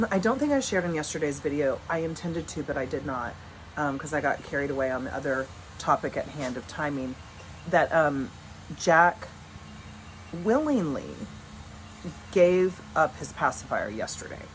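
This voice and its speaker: A woman in her thirties talks straight to camera in a loose, chatty vlog, frank and unbothered, dropping the odd swear. Her voice sits on the lower side, and a faint hum of the house can be heard behind her. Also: animated, normal speed, low-quality recording. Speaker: vlogger and coach. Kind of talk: casual direct-to-camera vlog. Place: at home with dogs.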